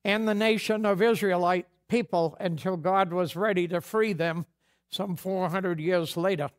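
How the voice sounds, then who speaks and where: A man preaching a sermon as pastor, folksy and conversational, acting out bits of dialogue. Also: high-pitched. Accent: New England.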